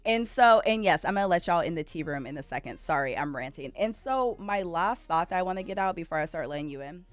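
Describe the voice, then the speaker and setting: A woman host ranting in a casual reaction stream, firing off rhetorical questions and rising to animated outbursts. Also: lowish voice, fast.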